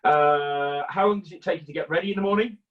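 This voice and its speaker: A man hosting a casual interview, asking quick questions with lots of hesitation and laughs. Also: fairly high pitch, narrow, tinny audio. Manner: hesitant, laughs often, friendly. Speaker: interviewer host.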